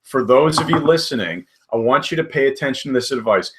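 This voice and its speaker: A man co-hosts a hypnosis training webinar at an ordinary pitch. He talks to the online audience in steady explanations and adds brief agreeing remarks. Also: a little fast. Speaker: webinar co-host and therapist. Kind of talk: webinar co-hosting.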